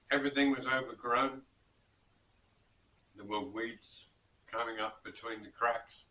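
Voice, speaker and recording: A man recounts an old story at an unhurried pace, drifting and pausing as he goes. His voice is bright and clear. He sits back from the mic in an echoey room. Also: on the low side, far from the mic, a little hiss or hum. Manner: slow and rambling, with pauses and self-corrections. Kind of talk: casual spoken storytelling.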